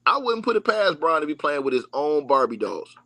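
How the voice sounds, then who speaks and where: Man, livestream host: mocking sports rant, swinging pitch, bone-dry sound. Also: sing-song, brisk, sharp tone, no echo. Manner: mocking, repetitive, talks straight to the audience. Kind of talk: animated sports rant to viewers.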